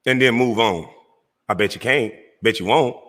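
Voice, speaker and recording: Confrontational male streamer host, mocking tone, bright forceful voice. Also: mid-range voice, moderate pace, big-room sound. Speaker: online show host. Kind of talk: heated livestream rant.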